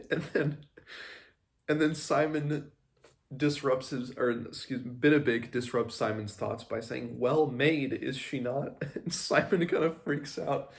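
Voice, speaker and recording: Gravelly man chatting about a novel. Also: mid-range voice, a little slow. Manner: rambling, with fillers, self-corrections and laughs. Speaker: podcast host. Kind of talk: casual book discussion.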